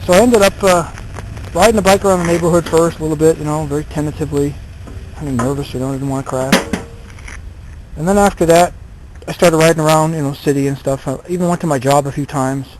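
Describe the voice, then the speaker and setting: A man's voice: fairly high pitch, fast talker, noisy background. A man in his thirties telling a rambling story from his own life in a casual vlog, with many fillers and self-deprecating remarks. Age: 30s. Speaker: vlogger.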